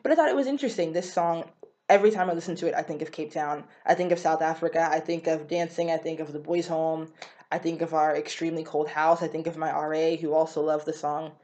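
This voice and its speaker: A woman's voice: low-pitched, steady tone, fast talker, a little mellow, highs cut off. A young woman talking casually to her vlog audience. She is chatty and often stops to say "like" or correct herself. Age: young adult. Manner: chatty, with many filler "like"s and self-corrections. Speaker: vlogger.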